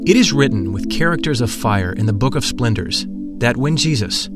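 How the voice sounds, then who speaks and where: A man reading an audiobook aloud in a solemn, measured way, stressing key words. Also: mid-range voice, animated, over loud music. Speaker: audiobook narrator. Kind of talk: scripted audiobook narration.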